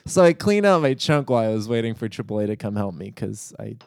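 A man's voice: lowish voice, big pitch swings, fast, vocal fry, no echo. A man as a podcast guest in casual chat, self-deprecating and laughing often.

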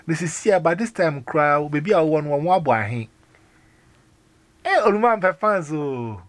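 A man with a Ghanaian accent chats casually on the phone. His voice sits a little high, and he rambles animatedly, restarting and exclaiming often. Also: animated, moderate pace, no room sound. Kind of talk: casual phone chat mixing Twi and English.

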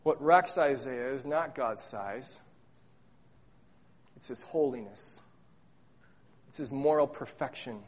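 Emphatic pastor preaching with dramatic hushes. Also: male voice, slow, long pauses. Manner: emphatic, swinging between loud stresses and hushed low lines; repeats words for emphasis. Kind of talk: sermon.

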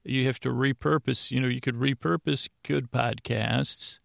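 A man hosting a sleep podcast, rambling and stammering in a deadpan comedic monologue. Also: mid-range voice, unhurried, creaky, dry recording, clean studio sound. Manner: stammering, self-interrupting, deadpan.

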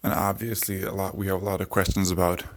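A man hosting a podcast, explaining things in a relaxed way and thinking aloud with fillers. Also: sits low, fast. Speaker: podcast host. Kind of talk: casual explanatory podcast talk.

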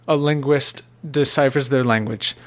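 A man's voice: mid-range voice, steady tone, normal speed, a bit bright, no echo. A man co-hosting a film chat, explaining plots in a playful, chatty way. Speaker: podcast co-host. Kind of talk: casual chat.

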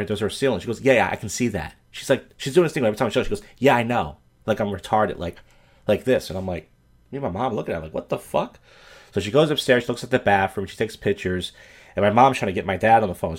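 A man from Philadelphia hosting a podcast, telling stories and giving blunt, profane commentary. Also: fairly low pitch. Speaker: podcast host. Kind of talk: crude ranting commentary.

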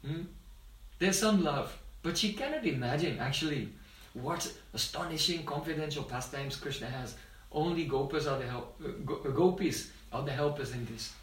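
A man giving a devotional talk as a spiritual teacher, telling stories and often pausing to check that his listeners follow. His voice sits fairly high for a man. The sound is roomy, and he is heard from some distance off the mic. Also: fairly bright tone. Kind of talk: devotional discourse.

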